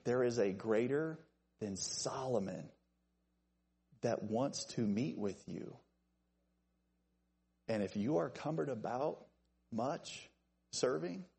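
A man preaching an evening sermon, animated and joking with listeners he calls by name. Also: slightly rough. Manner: animated, jokey asides to named listeners, lively pitch swings.

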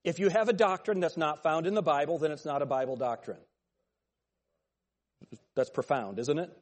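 A man's voice: fairly high pitch, moderate pace. A man teaching a Bible class, talking conversationally, joking and calling on students by name. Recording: long hall reverb.

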